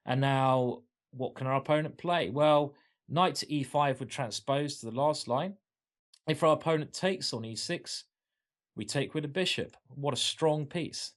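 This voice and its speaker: A man's voice: mid-range voice, unhurried. Enthusiastic man explaining chess moves. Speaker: chess coach. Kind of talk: chess lesson.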